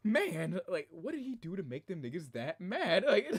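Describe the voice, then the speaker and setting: A game streamer chats casually on his livestream from a room at home, excitable and rambling, often breaking into laughter. His husky voice sits high and moves at a normal speed.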